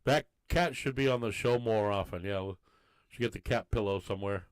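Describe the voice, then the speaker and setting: A New man co-hosts a loose podcast chat. His voice sits low and comes through smooth and clear. He rambles along in an easygoing way. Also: fairly quick. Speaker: podcast co-host. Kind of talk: casual bar-talk podcast chat.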